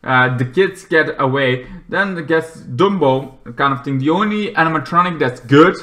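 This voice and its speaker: A man reviewing a movie in a rambling, casual way, restarting often and breaking into loud acted-out shouts. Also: a little high, moderate pace.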